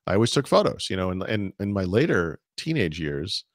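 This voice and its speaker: A middle-aged American man with a low voice talks through a casual podcast chat. He rambles and restarts often on a close, dry mic. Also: big pitch swings, a little fast, no echo. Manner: rambling, many restarts and asides. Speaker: podcast co-host.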